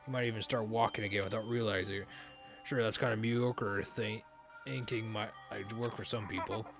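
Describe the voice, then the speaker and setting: A man voicing a blunt young male biker gang leader in a video game, rough-spoken and gruff. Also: mid-range voice, steady tone, quick pace, music in the background. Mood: tough, scolding.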